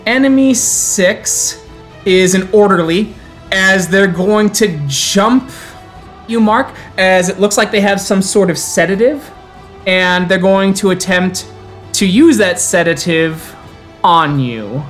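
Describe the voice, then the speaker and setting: A man narrating a tabletop horror game as storyteller, in measured, descriptive tones he sometimes draws out for effect. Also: high-pitched, a bit bright, soft background music.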